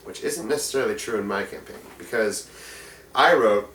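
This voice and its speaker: A man's voice: on the low side, normal speed, a bit bright. A man who is a game master, giving tabletop game tips in a rambling, enthusiastic way with many fillers. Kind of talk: casual instructional talk. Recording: echoey room, mic at a distance, faint noise.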